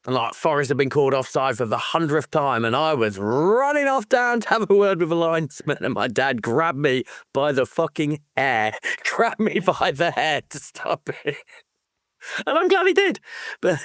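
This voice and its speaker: A man co-hosting a podcast, telling stories in a lively way and laughing often. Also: on the high side, moderate pace, no room sound, clean studio sound. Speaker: podcast co-host. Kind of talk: casual chat.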